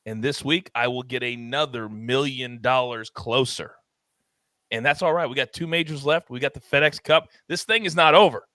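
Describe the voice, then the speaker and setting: A man's voice: mid-range voice, moderate pace, sharp tone, no room sound. A man on a golf podcast trash-talking a rival panelist, gleeful and taunting. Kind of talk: trash talk and casual banter. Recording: dry close mic.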